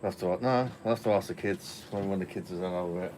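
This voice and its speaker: Low-voiced man chatting over beers. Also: a little fast, darkish tone, a little hiss or hum. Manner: swears freely, laughs often, rambling anecdotes. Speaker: host of an online pub stream. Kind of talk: casual chat over beers. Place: at home.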